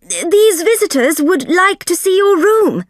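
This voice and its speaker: A woman voicing an anxious male college tutor in a slow storybook reading, with a high, pleading manner. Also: animated, darkish tone, dry recording, clean studio sound.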